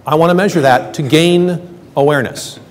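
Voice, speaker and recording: An older man giving a lively conference talk, joking with the audience and acting out quoted lines. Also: fairly high pitch, normal speed. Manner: quipping, plays out quoted voices. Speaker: conference speaker. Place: lecture hall. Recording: hall reverb from stage.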